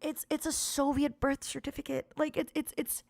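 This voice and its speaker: A woman around forty from Ukraine, raised in Canada, chatting casually on a live stream as an animated storyteller who laughs often and jumps high and loud when amused. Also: normal speed, creaky.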